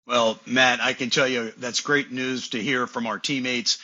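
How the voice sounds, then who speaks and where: A man's voice: mid-range voice, steady tone, unhurried, bright, forceful tone, muffled recording. A man co-hosting a podcast, asking rambling, hesitant questions. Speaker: podcast co-host.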